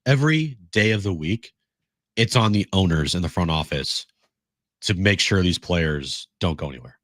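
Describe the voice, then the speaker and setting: A male sports radio co-host giving opinionated, animated takes in a studio. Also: deep voice, normal speed, dry recording. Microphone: studio mic.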